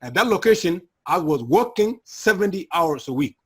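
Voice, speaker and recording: This middle-aged guest shares his personal story at a moderate, sing-song pace, earnest and full of emotion. His slightly high, husky, breathy voice falls low and soft whenever the memories get difficult.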